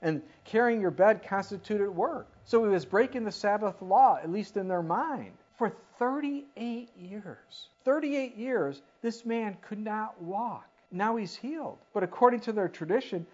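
A preacher giving a sermon in an animated way, often putting questions to the listeners. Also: mid-range voice, moderate pace, hardly any pauses. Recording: dull lo-fi recording.

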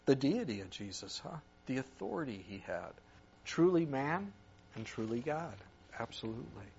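A male pastor preaching a conversational sermon and reading scripture aloud, with his voice growing loud when he acts out cries for help. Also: mid-range voice, very animated, moderate pace, gravelly, lo-fi sound, slight background noise.

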